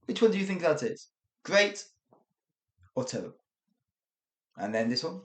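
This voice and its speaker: A man hosts a podcast lesson on English. His voice rises and falls with expressive pitch as he acts out the example phrases and chuckles between points. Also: normal speed, pauses often. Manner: lively, demonstrates tones with acted examples, chuckles often.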